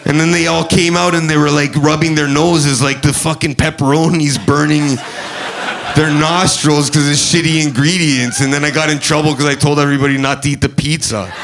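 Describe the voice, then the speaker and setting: A man doing stand-up comedy on a club stage, with a halting, nervous delivery full of fillers. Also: fairly high pitch, steady tone, vocal fry, a bit bright, slight background noise.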